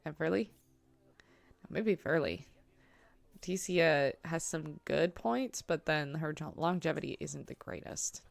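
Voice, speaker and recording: A woman talks through her zoo-building game in a relaxed, unhurried way, fillers scattered throughout her commentary. Her voice sits a little low for a woman. The sound is dry and close, with no room behind it. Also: gravelly, dry recording. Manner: chatty, talking to herself and the animals, filler-heavy. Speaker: gameplay streamer. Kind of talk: casual gaming commentary.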